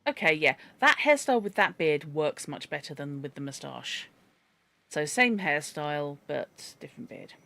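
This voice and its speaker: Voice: mid-range voice, animated, normal speed, creaky, pushed and bright. A game streamer chatting and rambling while playing, musing aloud over word origins and character looks. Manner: chatty, reads from a dictionary, rambles, exclaims at a cat. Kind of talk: let's-play commentary.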